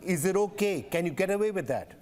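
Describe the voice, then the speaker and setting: Probing male interviewer, slightly high voice. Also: expressive, fast, darkish tone. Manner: probing, repetitive phrasing. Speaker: news interviewer. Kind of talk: interview questions.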